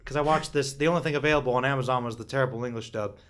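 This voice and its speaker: A man's voice: medium pitch, rapid-fire, a bit bright. A man co-hosting a podcast in casual chat, rambling and cutting himself off, laughing often. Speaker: podcast co-host.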